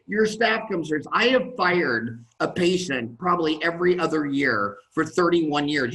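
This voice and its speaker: A dentist in his fifties, a guest in a podcast conversation, telling blunt, animated stories and acting out what other people say. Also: on the high side, low-quality recording.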